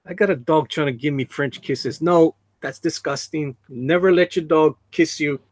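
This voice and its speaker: On a casual livestream, a man with a slightly high voice talks at a moderate pace over a dry recording. He reads the chat aloud, cracks jokes about the comments and laughs often, all while his dog jumps on him.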